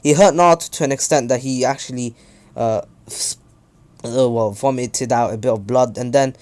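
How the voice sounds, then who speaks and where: A young man narrates a fan-made story in a loose, unscripted way. His voice sits at an ordinary middle pitch. He rambles, stumbles over words and keeps correcting himself between fillers. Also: moderate pace, a little mellow. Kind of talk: casual fan-story retelling.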